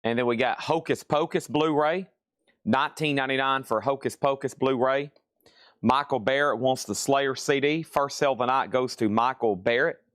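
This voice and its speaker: Male live-sale host, brisk and chatty, mid-pitched, dry room. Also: a bit bright, no room sound. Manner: brisk item-and-price listing, chatty asides. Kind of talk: live-stream sales patter. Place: record shop.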